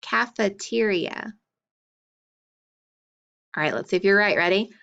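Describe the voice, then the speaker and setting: Slow, encouraging woman teacher, lo-fi. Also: medium pitch, creaky, a bit bright, clear, resonant tone. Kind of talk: early-grade phonics lesson.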